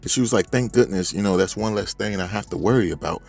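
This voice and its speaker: A man giving a casual, animated chapter recap in slangy speech, talking straight to his viewers. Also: lowish voice, fast, gravelly. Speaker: manga reviewer.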